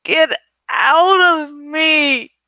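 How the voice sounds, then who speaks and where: A woman's voice: fairly high pitch, extremely slow, clean tone, no room sound, heavily acted, rough recording. A woman doing a frantic possessed teacher. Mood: anguished crying. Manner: shouting, crying out in anguish. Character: man, a possessed schoolteacher, frantic and tormented.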